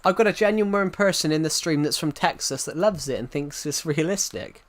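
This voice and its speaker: A man's voice: a little high, normal speed, few pauses. A young man chatting casually on a gaming stream, rambling with many restarts as he talks to his viewers. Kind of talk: casual live-stream chat.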